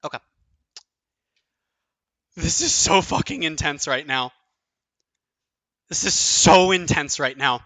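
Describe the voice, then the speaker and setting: A man streaming his own online card game tournament, thinking aloud, counting out numbers and swearing often, his voice going a bit hoarse. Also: on the high side, slow, pauses often, a bit bright, no echo. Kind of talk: excited live commentary of own play.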